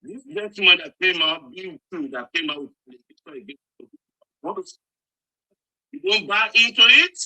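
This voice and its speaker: Man, high, lively pitch, sharp bright tone, earnest. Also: moderate pace, vocal fry, rough recording. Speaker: speaker addressing an online audio room.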